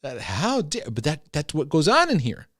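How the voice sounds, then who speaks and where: A middle-aged man giving a casual Christian teaching talk on anxiety and intrusive thoughts, chatty and animated, often acting out little voices and ending points with "right?". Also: a little high, moderate pace. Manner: conversational, acts out voices with tag questions.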